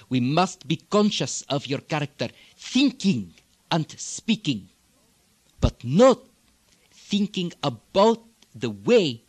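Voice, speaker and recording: A man doing a deliberate, measured Gulf Arabic accent, stretching his stressed words as he reads a practice passage. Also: on the high side, breathy edge, no room sound, heavily acted.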